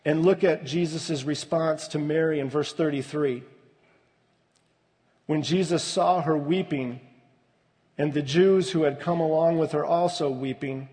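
A man preaching a sermon in an unhurried, deliberate way, his fairly high voice dropping to a hush at tender moments. The sound carries the long reverb of a large hall, as if recorded in a church. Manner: slow, measured preaching with soft, hushed dips. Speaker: pastor.

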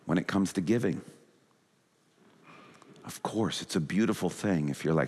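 A male pastor preaching a sermon with animated delivery, acting out quoted thoughts in a rising and falling voice. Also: low voice, moderate pace, pauses often, in a large hall. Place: church sanctuary.

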